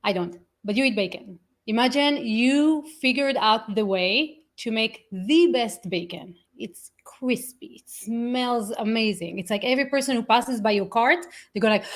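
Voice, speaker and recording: A woman guest in a casual interview, telling stories with lively acted-out quotes and frequent laughs. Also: on the high side, moderate pace, few pauses. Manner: animated storyteller, acts out quotes, laughs often.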